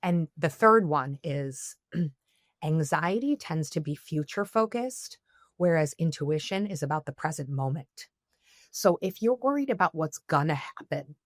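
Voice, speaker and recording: A woman's voice: low-pitched, no echo, clean studio sound. A woman speaking as a therapist guest on a podcast, giving earnest advice and checking in with "okay?" often.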